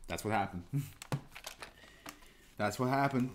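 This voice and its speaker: A man's voice: medium pitch, lively intonation, unhurried, background noise. A man hosting an anime reaction video, chatting casually while he stands, jokey and laughing often.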